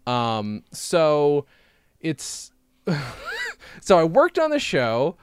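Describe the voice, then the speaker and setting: A man talks in a loose, rambling way, often cutting himself off and swearing casually. His pitch rises and falls a lot, and his voice is smooth and clear. He is recorded close on a dry mic. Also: huge pitch swings, drawn-out words, no room sound. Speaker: podcast co-host. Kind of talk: casual chat reviewing old videos.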